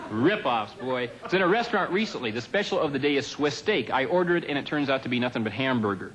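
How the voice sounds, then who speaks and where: A comedian does a stand-up set on a TV studio stage, speaking quickly in a mid-range male voice. His delivery is dry and deadpan, peppered with offhand asides, while a crowd is loud around him. The audio is poor.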